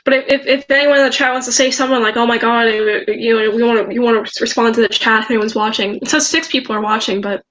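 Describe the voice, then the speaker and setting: Bright high-voiced young woman streaming. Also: steady tone, quick pace, few pauses, slight background noise, poor audio. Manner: hesitant, repeats words while searching screenshots. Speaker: livestream host. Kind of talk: casual livestream chat.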